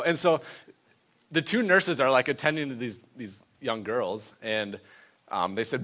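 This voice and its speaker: A man preaching, telling a lively testimony story and acting out the people in it. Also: fairly low pitch, normal speed. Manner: animated storyteller voicing others in quotes.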